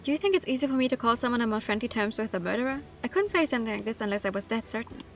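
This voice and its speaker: A woman's voice: a little high, lively intonation, racing. A woman reading the lines of an earnest, headstrong young man in a game, pleading to be trusted.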